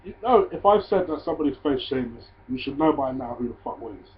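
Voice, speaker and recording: A man casually reviewing a wrestling show, swearing freely and ranting in loud disbelief. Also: medium pitch, expressive, fast talker. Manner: profane, ranting, gets loud and incredulous. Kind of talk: casual solo review vlog. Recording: tinny phone-like audio.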